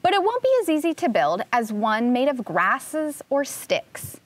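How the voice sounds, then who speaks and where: Storybook critter: hardworking little female dassy, plain and steady, slightly high, woman reading. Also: a little slow, no echo. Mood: determined. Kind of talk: storybook read-aloud.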